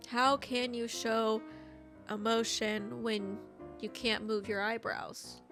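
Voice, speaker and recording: A woman with a high, bright-pitched voice talks through a casual movie review. She rambles and fills her talk with "like", breaking into animated exclamations. Faint music plays quietly behind her. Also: slow. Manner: chatty, rambling, heavy use of "like".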